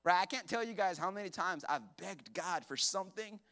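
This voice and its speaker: A man preaching a sermon as pastor to a church congregation, animated and jokey, acting out voices as he tells the story. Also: high-pitched, brisk.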